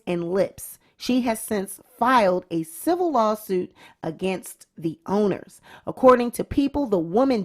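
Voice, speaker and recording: Woman, gossip host, unhurried delivery, animated and giggly. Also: mid-range voice. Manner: animated, breaks into uncontrollable laughter. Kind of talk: casual commentary reading news.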